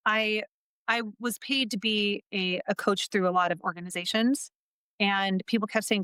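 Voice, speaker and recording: A woman's voice: mid-range voice, fairly even intonation, moderate pace, sharp tone, smooth, no echo. A woman guest on an interview podcast, talking earnestly about her life as an entrepreneur and coach and repeating phrases for emphasis. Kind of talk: casual interview talk.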